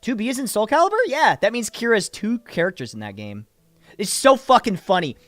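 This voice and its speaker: Chatty man with lively pitch. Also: no room sound, faint music behind. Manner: chatty, animated, laughs easily, swears casually; demonstrates voices with quick shifts. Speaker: voice actor and streamer. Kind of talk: casual livestream chat answering viewer questions.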